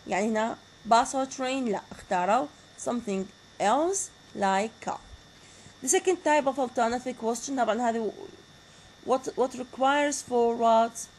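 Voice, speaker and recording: A woman's voice: a little high, fairly quick, darkish tone, a little hiss or hum, rough recording. A woman with an Iraqi Arabic accent and Arabic as her first language, giving a university lecture and often asking the class questions and repeating key words. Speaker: teacher.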